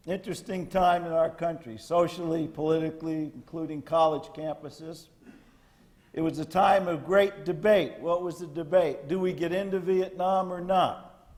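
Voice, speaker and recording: An older man speaks as a retired Marine general addressing cadets, blunt and folksy, with salty military asides. His voice sits somewhat high for a man, and he talks to a lecture hall. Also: darkish tone.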